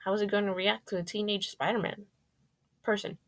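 A woman reading her first-person fan fiction aloud, lively and jumping up on exclamations. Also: mid-range voice, a little fast.

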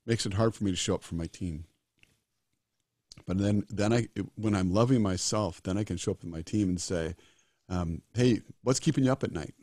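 A man in his sixties, a disaster doctor on as a guest, talks with earnest emphasis and keeps repeating key phrases. He has a low-pitched voice with a darkish tone. The recording is dry and studio quality.

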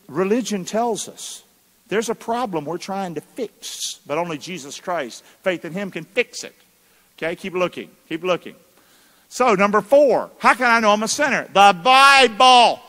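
A high, fairly bright male voice preaches a sermon as pastor in a church sanctuary, folksy and emphatic, with colloquial asides. He uses call-and-response, asking the congregation to answer him, and the long reverb of the church hall carries his words.

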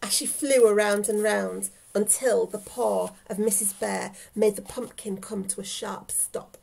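Slow, gravelly teacher reading aloud. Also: female voice, medium pitch, low-quality recording. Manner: expressive, talks to young listeners. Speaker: teacher reading to her class. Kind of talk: storybook read-aloud for children.

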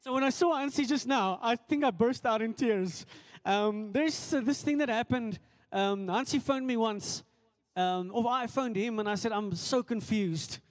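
A male South African pastor with a high voice gives the church welcome and announcements during a service in a church hall. He speaks haltingly, leans on filler words, and cracks self-deprecating jokes. The hall is echoey, with long reverb.

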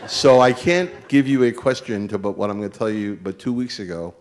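A man's voice: fairly low pitch, a little fast, darkish tone. A man from New Jersey speaking from the audience at a book event, earnest and rambling, with many fillers. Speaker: audience member.

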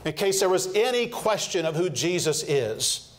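Very animated and high-pitched, this male preacher delivers his sermon with sincerity. His speech is dotted with fillers and restarts, and he slows to savor the scripture he quotes.

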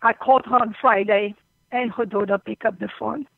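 A woman calling in to a radio show, crying and halting, often apologizing as she talks about a loss. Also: a little high, steady tone, creaky, no echo. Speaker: caller. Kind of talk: call-in phone conversation. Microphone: telephone. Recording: tinny phone line.

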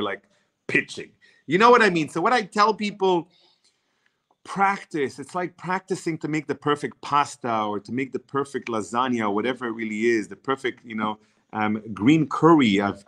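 A man whose first language is not English gives energetic networking advice over a video call. He often repeats words as he starts sentences. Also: medium pitch. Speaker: networking guest speaker.

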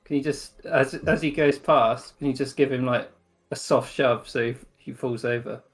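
A man's voice: medium pitch, fairly even intonation, normal speed, slightly rough. A man playing a tabletop game, casual and playful, with restarts and laughter. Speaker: player.

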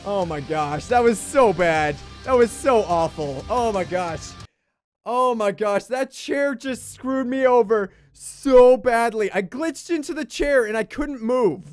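A young man streaming a game, excitable, swinging between shouting at the game and grumbling. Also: sits high, unhurried, soft background music. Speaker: gaming livestreamer. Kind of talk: livestream gameplay commentary.

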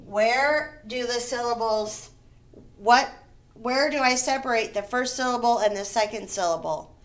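A woman teaching first graders a recorded lesson on syllables, slow and patient, stretching out each word so the children can hear the beats. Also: on the high side. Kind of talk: recorded remote phonics lesson.

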